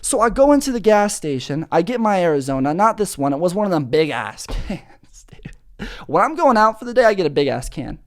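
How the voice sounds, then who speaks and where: A young man hosting a podcast, telling rambling comedic stories in a profane, animated way. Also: high-pitched, fairly quick. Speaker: podcast host.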